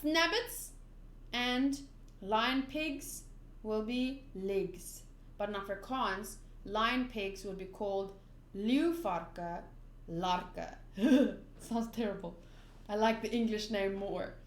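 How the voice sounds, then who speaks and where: A woman's voice: mid-range voice, slow, slight background noise. A woman reading a manga aloud in a casual, playful, giggly way. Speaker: manga reader. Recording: roomy echo.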